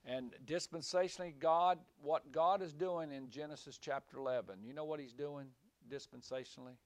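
A man's voice: a little high, a little fast, no echo. Emphatic, rambling male Bible teacher. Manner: rambling, repeats words, rises to emphatic points. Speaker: preacher. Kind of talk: small-group Bible teaching. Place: small room with a few listeners.

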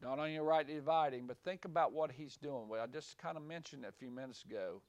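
Male Bible teacher for a small group, a bit high-voiced, repeats himself, punches key points. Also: quick pace, dry recording. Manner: rambling, repeats words, rises to emphatic points. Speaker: preacher. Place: small room with a few listeners.

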